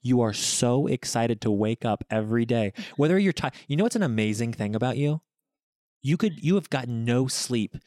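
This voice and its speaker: A man's voice: medium pitch, lively intonation, moderate pace, darkish tone, dry recording, studio quality. A young man co-hosting a podcast with his partner, talking in an effusive, casual way, cursing and saying "dude.". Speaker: podcast co-host, expectant father. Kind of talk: casual couple chat.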